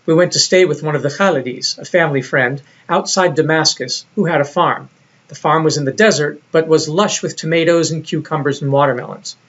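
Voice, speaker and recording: A man's voice: fairly high pitch, fairly quick, a bit bright. A man narrating a recorded lecture in a reflective, storytelling way, on a dull lo-fi recording. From United States.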